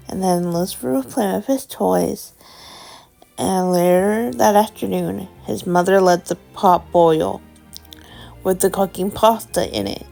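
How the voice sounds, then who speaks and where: Slow gravelly woman telling a story. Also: mid-range voice, warm tone, soft background music. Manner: unhurried, with fillers and restarts. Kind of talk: improvised children's story narration.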